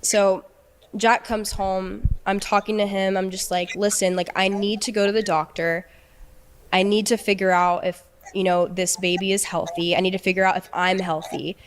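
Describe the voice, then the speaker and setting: A young adult woman telling an emotional personal story, halting and often repeating words as she restarts. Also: medium pitch, flat delivery. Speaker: guest telling her story.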